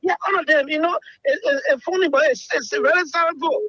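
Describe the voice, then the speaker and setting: A man phones in to a radio show, his voice very high and bright. He stumbles over repeated words, and the sound is dry and close. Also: no echo, muffled recording. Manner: halting, repeats words, many fillers. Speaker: caller. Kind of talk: phone-in comment.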